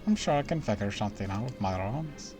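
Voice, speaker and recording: A man voicing a calm, gentle woman recovering from illness in a game, reading her lines softly and reassuringly on a stream. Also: fairly low pitch, fast talker, soft background music, natural voice. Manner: soft, quiet, reassuring.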